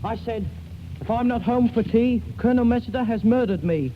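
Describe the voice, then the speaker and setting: A man's voice: extremely high pitch, fairly quick. A man playing a polite, earnest schoolboy sidekick in an old radio play. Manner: eager and earnest. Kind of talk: 1940s radio acting. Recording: muffled old radio recording with faint hiss.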